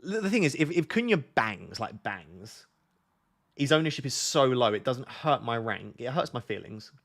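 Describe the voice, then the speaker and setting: A young man hosts a fantasy football stream, chatting loosely and teasing his co-host. His voice is gravelly with vocal fry, at a middling pitch. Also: sing-song, moderate pace, fairly bright tone. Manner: joking, teasing. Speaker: livestream host. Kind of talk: casual chat.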